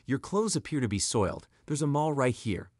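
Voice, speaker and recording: Brief: soft-spoken, reassuring young man voiced by a male narrator, lively intonation, dry close sound. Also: medium pitch, moderate pace, dry recording. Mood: gentle. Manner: gentle, reassuring. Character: kind, patient young man helping a girl.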